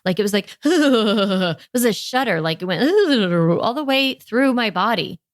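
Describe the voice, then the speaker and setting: A middle-aged woman coaching parents on her podcast, speaking earnestly and casually, with lots of "like" fillers. Her voice is close and dry, with no room around it, and sits at an ordinary pitch. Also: lively intonation, unhurried, no room sound. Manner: earnest, conversational, many "like" fillers.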